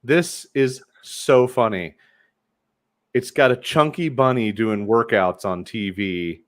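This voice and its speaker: A man's voice: medium pitch, slow pace, dry recording. A man co-hosting a podcast, chatting casually and playfully about beers, swearing freely. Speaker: podcast co-host. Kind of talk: casual chat, beer review.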